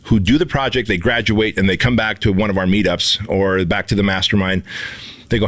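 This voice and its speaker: A man co-hosting a podcast, telling stories in an animated, profane way and acting out the quotes in them. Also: on the low side, brisk. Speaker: podcast co-host and instructor. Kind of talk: casual podcast conversation.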